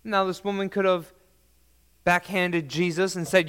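High-voiced, slow, emphatic male preacher. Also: fairly even intonation, clear, resonant tone, long reverb tail. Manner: emphatic, swings between loud declarations and soft low lines. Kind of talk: sermon.

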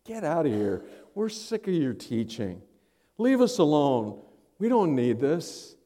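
A man voicing a hostile man possessed by an unclean spirit, with loud jeering outbursts. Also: on the high side, sing-song, measured pace, in a large hall. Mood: sneering.

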